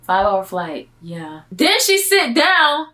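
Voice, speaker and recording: A young woman from Miami, telling a vlog story in a casual, animated, slangy way and acting out her own asides. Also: a little high, slow pace. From Miami, Florida. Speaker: vlogger.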